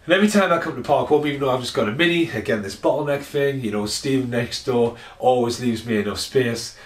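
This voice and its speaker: A vlogger rants casually to camera at home, rambling and swearing. His voice is medium-pitched and quick, and the room gives off a roomy echo.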